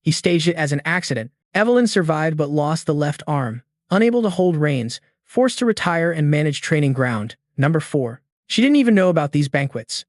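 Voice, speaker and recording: A man narrating a story recap in a steady, scripted storytelling manner. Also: fairly high pitch, moderate pace, hardly any pauses, dry recording, clean studio sound.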